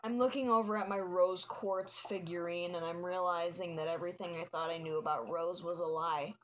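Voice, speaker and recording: A woman's voice: on the low side, steady tone, normal speed, highs cut off, a little hiss or hum. A young woman streaming her drawing and chatting with viewers in a casual, giddy way. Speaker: art streamer. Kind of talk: casual chat while drawing.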